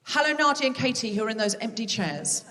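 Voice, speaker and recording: A woman's voice: fairly high pitch, big pitch swings, fast, bright, forceful tone, in a large hall, distant mic. A woman hosting a live comedy podcast on a theatre stage, chatty and self-mocking as she banters with the audience. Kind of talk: live stand-up hosting with crowd work. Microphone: stage microphone.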